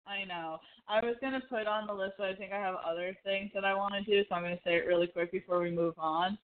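A woman co-hosting a casual podcast, retelling scenes from a TV show in an animated, chatty way and acting out the characters' lines. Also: medium pitch, fast talker, smooth. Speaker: podcast co-host. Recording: phone-like narrow sound.

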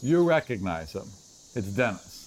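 A man's voice: fairly low pitch, very animated, moderate pace, a loud crowd. A man narrating as game master in a chatty, self-correcting way, with frequent laughs.

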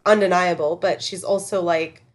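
A woman's voice: lowish voice, fairly even intonation, normal speed. A woman in casual chat, discussing a TV episode with her co-host and speaking emphatically when she makes a point.

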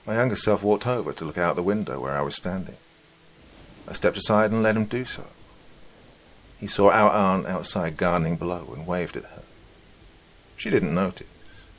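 A man with a very low voice narrates a first-person story. His delivery is slow, measured and hushed, with careful pauses. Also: lively intonation, slightly rough.

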